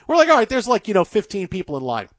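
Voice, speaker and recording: A male sports talk host from the Detroit area, chatting in animated, rambling banter that repeats itself. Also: sits high, racing, dry recording, studio quality. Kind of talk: casual banter.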